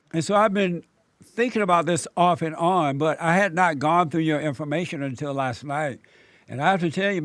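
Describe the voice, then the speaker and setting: A man's voice: a little high, a bit bright, no echo. A man hosting an interview in a friendly, chatty way, laughing easily. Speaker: host. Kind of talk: casual interview.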